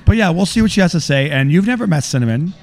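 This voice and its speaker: Middle-aged male podcast host, slightly high voice, lively storyteller. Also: fast talker, slight background noise. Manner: animated storyteller, acts out quotes loudly. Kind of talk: casual chat, storytelling.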